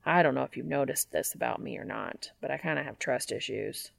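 A woman reading fan fiction aloud and voicing a guarded, teasing young man in a low, hushed, wry tone. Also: a little fast, vocal fry, no echo, full character voice.

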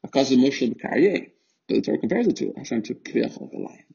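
Gravelly man teaching a Torah text. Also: medium pitch, big pitch swings, quick pace, mellow. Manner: reads Hebrew then explains in English, with fillers and restarts. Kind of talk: text study lesson, translating Hebrew line by line. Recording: muffled lo-fi recording.

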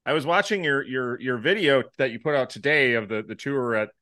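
A man's voice: mid-range voice, fairly quick, sharp tone. A man from Wisconsin co-hosting a podcast, joking and curious and swearing casually. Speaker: podcast co-host.

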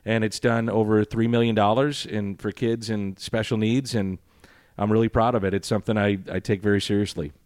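A man's voice: on the low side, flat delivery, a little fast, a little mellow, smooth, no echo. A middle-aged man, a sports broadcaster answering interview questions in a dry, sarcastic, rambling way.

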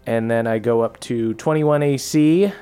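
A man's voice: mid-range voice, a little slow, smooth. A man playing a tabletop game, casually calling out his rolls and actions. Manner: relaxed, stating dice rolls. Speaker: player.

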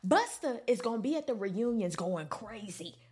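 A woman giving sassy, animated casual commentary, breaking into squealing high quotes. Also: moderate pace, breathy edge.

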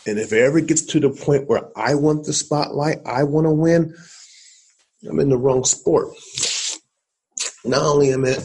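Brief: husky man from Ohio, animated storyteller guest, mid-range voice. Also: medium pitch, poor audio. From Columbus, Ohio, USA. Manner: animated storyteller, acts out quotes, talks to the listener. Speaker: guest, motivational speaker and former football player. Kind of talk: storytelling in a podcast interview.

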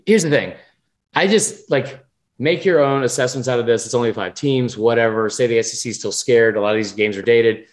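A man co-hosting a sports podcast, talking in a rambling, animated, profane way. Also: medium pitch, fairly quick. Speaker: podcast co-host. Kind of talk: casual sports chat.

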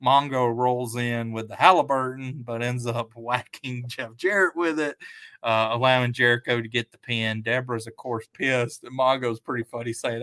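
A man's voice: mid-range voice, normal speed, sharp tone, smooth, dry recording. A man co-hosting a podcast, recapping matches in casual chat, rambling with fillers and restarts. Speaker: podcast co-host.

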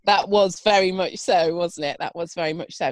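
A woman's voice: on the low side, moderate pace, no room sound. A British woman co-hosting a podcast in casual chat, teasing and sweary, telling stories with gusto. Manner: teasing, sweary, animated storyteller. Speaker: podcast co-host.

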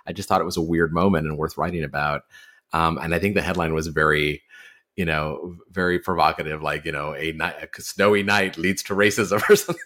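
A male writer as a podcast guest, talking in a relaxed, reflective way. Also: low voice. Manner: relaxed, reflective, self-deprecating. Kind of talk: casual interview.

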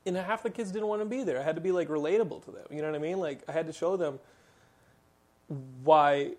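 A man's voice: fairly high pitch, fast, darkish tone. A man in his thirties from Texas, hosting a podcast and telling long, rambling stories full of fillers. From Texas, USA. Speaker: podcast host. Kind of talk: casual podcast chat.

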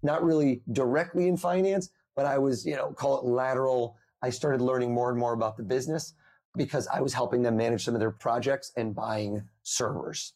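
A man in his thirties, a mentalist guest on a podcast, telling lively stories and acting out the people in them. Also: mid-range voice, a little fast. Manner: animated storyteller, acts out quoted voices. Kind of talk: podcast interview over video call.

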